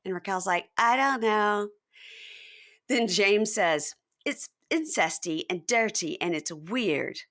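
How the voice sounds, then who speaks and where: A woman's voice: a little slow, hardly any pauses. A woman hosting a podcast, recapping a reality show in casual chat and acting out quotes with big jumps in her voice. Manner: animated, acts out quotes with big pitch jumps. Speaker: podcast host.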